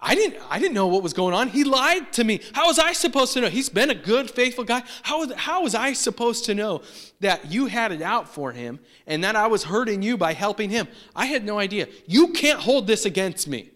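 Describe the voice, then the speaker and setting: An indignant male priest, as a preacher puts him on mid-sermon, his voice pushed well up above a man's usual speaking pitch. He pleads his innocence in a loud, insistent run of protests, rising higher with each question. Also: lively intonation, fairly quick, in a large hall. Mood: indignant pleading.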